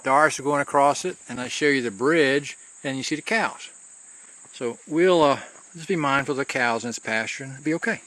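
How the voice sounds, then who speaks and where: The hiker speaks a little fast at medium pitch, slightly bright, with some background noise. Camera in hand, he leads viewers along a mountain trail, chatting loosely and restarting phrases as he walks.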